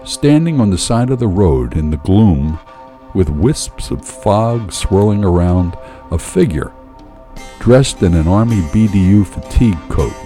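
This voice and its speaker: A man's voice: low voice, animated, measured pace, mellow, soft background music. A man narrating a first-person story in a dramatic, wry manner.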